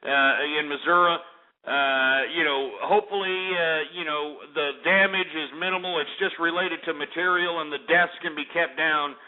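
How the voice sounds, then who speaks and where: Ranting male radio host, tinny sound. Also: fairly high pitch. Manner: ranting and insulting callers, many filler sounds. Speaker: radio talk show host. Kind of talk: call-in radio talk. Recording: tinny phone-like audio.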